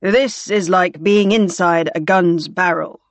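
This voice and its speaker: A woman's voice: lowish voice, slow pace, no room sound. A woman reading the part of a wry, teasing male naval commander in an audiobook.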